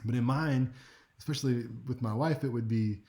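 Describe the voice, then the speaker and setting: Mellow-voiced male speech instructor lecturing. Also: medium pitch, moderate pace. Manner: conversational and wry, with frequent "right?" check-ins. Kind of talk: recorded class lecture.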